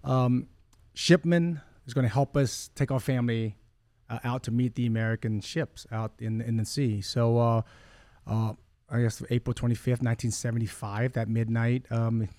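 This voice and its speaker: A man's voice: medium pitch, steady tone, normal speed, mellow, no room sound. Earnest man in his forties, dry sound. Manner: earnest, rambling, with frequent self-corrections. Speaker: podcast guest. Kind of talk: personal storytelling in a conversation.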